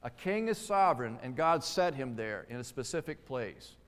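A man's voice: medium pitch, expressive, normal speed, a bit bright. A man preaching a sermon, stressing key words and putting rhetorical questions to his listeners. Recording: long hall reverb.

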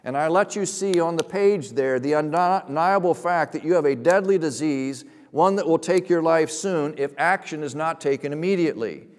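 A man preaching a sermon as a pastor, emphatic, rising to loud, slowed stresses and dropping to quiet asides. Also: on the high side. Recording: long reverb of a large hall.

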